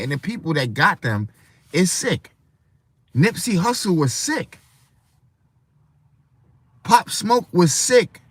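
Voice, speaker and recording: A man's voice: fairly high pitch, animated, a little slow, long pauses, no echo. A man hosting a livestream, talking in a preachy, rambling way and often speaking to his chat. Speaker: livestream host. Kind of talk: casual livestream rant.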